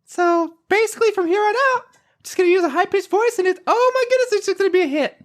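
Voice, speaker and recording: A man putting on a squeaky, mock-earnest falsetto as a comic bit on a podcast. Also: quick pace.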